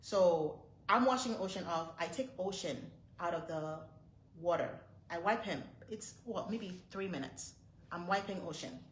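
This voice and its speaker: A woman's voice: lowish voice, expressive, a little slow, echoey room, low-quality recording. A woman in her thirties, a mother vlogging to her viewers, retelling a frightening moment in a tense, breathless way with lots of repeated phrases. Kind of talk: storytelling to camera.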